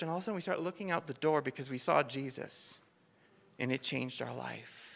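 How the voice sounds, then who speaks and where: A pastor preaching a sermon from a church stage, telling stories with passion and building to excited, near-shouted peaks. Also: mid-range voice, brisk, vocal fry. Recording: long reverb of a church hall.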